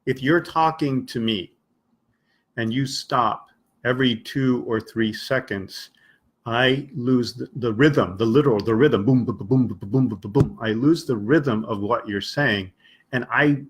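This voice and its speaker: A man's voice: mid-range voice, a little slow, breathy edge. A man teaching English on a live stream, explaining patiently and acting out short example dialogues for his listeners.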